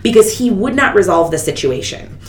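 A woman in her thirties hosting a podcast, telling a story in casual chat and acting out the people she quotes. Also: normal speed. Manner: animated, quotes people with big pitch jumps. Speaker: podcast host. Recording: echoey room with faint rumble.

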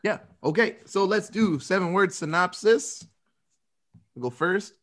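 A man with a slightly higher voice hosts a casual film chat. He rambles and fills his sentences with "like", and swears offhandedly. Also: a little slow, a bit bright. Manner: rambling, swears freely, lots of "like". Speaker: podcast host. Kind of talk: casual movie review chat.

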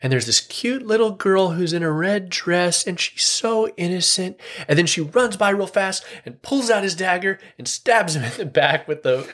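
A man's voice: sits high, animated, moderate pace, few pauses, a bit bright. A man co-hosting a casual chat, laid-back and slangy, chuckling as he describes comic scenes. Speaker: podcast co-host.

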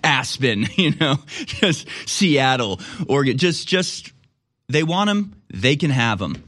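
A man's voice: medium pitch, big pitch swings, takes it slowly, fairly bright tone. Give me a sarcastic male host doing casual political commentary, incredulous and laughing often.

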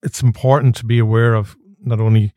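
Mellow male podcast host. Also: fairly low pitch, little pitch movement, brisk, no echo, clean studio sound. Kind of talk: casual interview chat.

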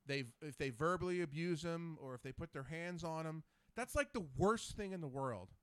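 Male podcast host, higher pitch, very lively delivery, dry close sound. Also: normal speed, clear, resonant tone, no room sound. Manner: animated storyteller. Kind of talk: casual chat.

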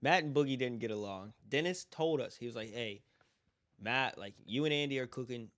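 Young man, casual profane storyteller, mid-pitched, mimics coworkers while laughing, hanging out with friends. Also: normal speed, fairly bright tone. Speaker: former restaurant worker.

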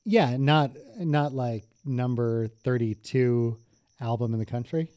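A man's voice: mid-range voice, steady tone, slow pace, warm tone. A man in his thirties co-hosting a podcast, chatting casually about music with dry jokes. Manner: dry, joking, conversational. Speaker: podcast co-host.

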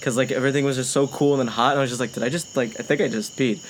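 A young man tells a long, profanity-heavy story in casual conversation, laughing often and acting out what others said. His medium-pitched voice is fairly even in intonation and rapid-fire. Faint background noise is audible.

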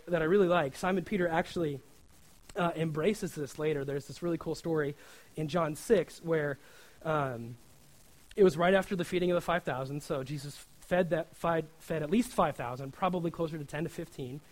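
A man with a slightly high voice gives a sermon in a loose, conversational style. He keeps checking in with his listeners and acts out the prayers he quotes. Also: moderate pace, low-quality recording. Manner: informal, often asks "right?", acts out quoted prayers. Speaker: preacher.

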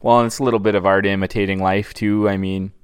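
A man's voice: on the low side, little pitch movement, quick pace, smooth. A man co-hosting a podcast in casual chat, easygoing and given to wry asides. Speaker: podcast co-host. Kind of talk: casual chat about a TV series.

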